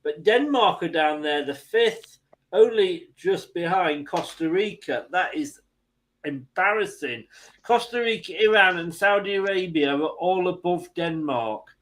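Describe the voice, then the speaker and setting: A high-pitched English man hosts a loose football chat. He talks easily, laughs often and restarts his sentences. The feel is relaxed banter among friends. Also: a little slow, rough recording. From England. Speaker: host.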